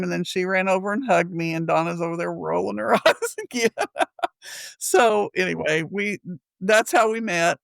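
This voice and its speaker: Chatty, gravelly woman. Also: on the low side, normal speed, no echo. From Missouri. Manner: chatty, rambling, laughs often. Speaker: podcast co-host. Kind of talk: casual storytelling chat.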